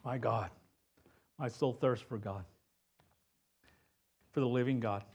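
A pastor with a mid-range, slightly rough voice preaches slowly in a conversational style, often checking in with "right?" His delivery moves back and forth between loud emphasis and hushed lines.

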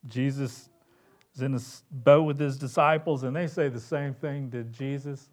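A man preaching a sermon in church as pastor. He swings from loud, urgent cries to hushed, quiet tones. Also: medium pitch, moderate pace.

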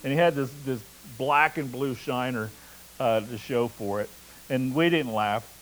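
A man preaching a sermon in a conversational, casual way, telling stories and reading scripture aloud between relaxed asides. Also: mid-range voice, measured pace, slight background noise, rough recording. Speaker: pastor.

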